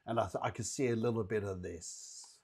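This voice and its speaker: A man's voice: fairly low pitch, brisk, a little mellow, breathy edge. A man hosting a psychic show, giving chatty, reassuring mini readings straight to his viewers. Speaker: psychic medium host.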